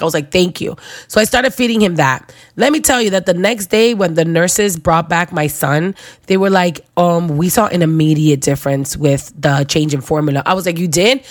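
Young woman, low-pitched, dry close sound, animated storyteller who voices everyone in the tale. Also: brisk, dry recording. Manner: animated, acts out other people's voices, slangy. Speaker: new mother. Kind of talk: casual storytelling.

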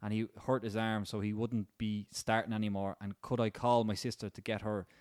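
A man's voice: lowish voice, flat delivery, brisk, a little mellow, no echo, clean studio sound. A man in his thirties with an Irish accent, co-hosting a podcast, reading listener stories with easygoing quips. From Ireland. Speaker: podcast co-host. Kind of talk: casual chat.

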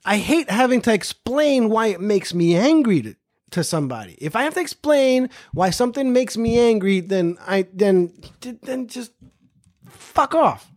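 Man, podcast host, casual storytelling, profane, lively pitch. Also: normal speed. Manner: animated, profane, repeats phrases for emphasis.

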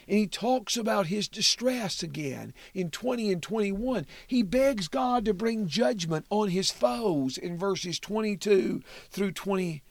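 A man hosting a Bible study podcast, who walks through a psalm verse by verse in a measured, reflective way. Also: high voice, expressive, no room sound. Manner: measured, reflective reading of scripture. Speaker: podcast host teaching the Bible.

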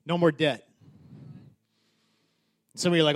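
A high-voiced man preaching a sermon. He talks passionately, stumbling over restarts and repeating key words. His delivery swings from soft, close asides to loud, soaring declarations. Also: level tone, measured pace. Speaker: pastor.

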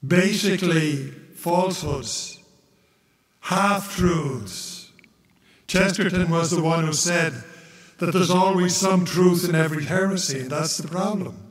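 A male priest giving a homily in a slow, measured way, sometimes chanting the gospel reading. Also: high voice. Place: church. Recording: echoey church from far off.

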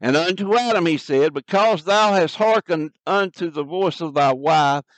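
Earnest preacher man, slightly high voice. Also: normal speed, no echo, poor audio. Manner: earnest, repeats words, frequent "uh" fillers. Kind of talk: sermon with scripture reading.

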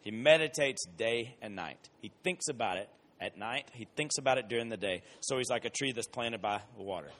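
A man gives a casual, conversational Bible lesson, moving between lively everyday examples and slow, emphatic repetition. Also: medium pitch. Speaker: Bible teacher. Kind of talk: casual sermon.

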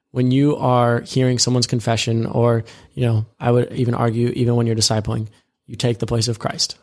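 Gravelly man talking faith casually. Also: medium pitch. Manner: rambling, self-correcting, retells scripture scenes in everyday speech. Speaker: co-host of a discipleship podcast.

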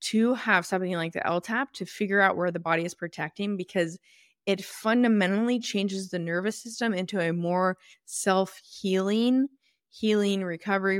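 A woman's voice: medium pitch, no room sound, clean studio sound. A woman hosting her own podcast, explaining clinical work in a casual, emphatic way and correcting herself as she goes. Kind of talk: solo podcast talk.

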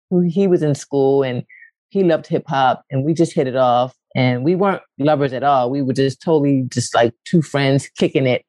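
A woman from West Philadelphia, a poet and actress, telling stories candidly as a guest and acting out quotes with big leaps in her voice. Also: no room sound. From West Philadelphia, USA. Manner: animated, acts out quotes with big pitch leaps, casual swearing. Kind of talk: candid storytelling conversation.

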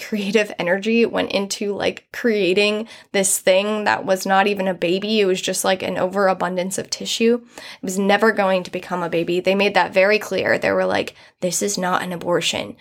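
Young woman, podcast host, personal storytelling, mid-pitched, creaky fry, rambling, candid. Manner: candid, rambling with many fillers, laughs through hard moments.

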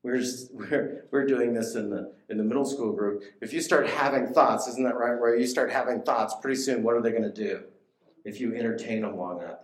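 A man's voice: mid-range voice, roomy sound. A man preaching a sermon in a conversational way, often asking his listeners questions.

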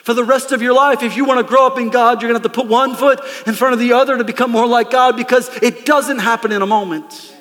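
A man preaching a lively, conversational sermon from a church stage, calling out to the congregation. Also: extremely high pitch, quick pace, hardly any pauses, big-room sound. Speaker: pastor. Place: church sanctuary.

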